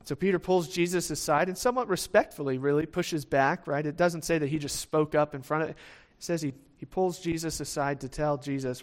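A man with a slightly higher-than-usual voice preaches a sermon in a relaxed, conversational way. He restarts phrases as he goes and keeps checking in with the listeners. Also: brisk. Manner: conversational, with frequent restarts and "right?" asides; acts out the quoted lines of the disciples in lively voices.

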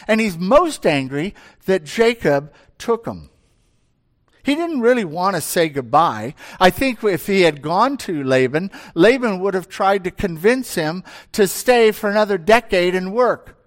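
High-voiced, animated preacher man. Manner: expressive storytelling, asks the congregation questions. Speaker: pastor. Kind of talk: sermon.

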